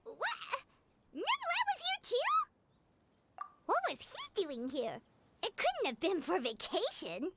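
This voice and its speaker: A woman's voice: high voice, huge pitch swings, a little slow, a little hiss or hum, heavily acted. A woman voicing Paimon, a tiny, chatty, nosy companion girl who refers to herself in the third person. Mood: curious. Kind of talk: game dialogue voice acting. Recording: game cutscene with loud music.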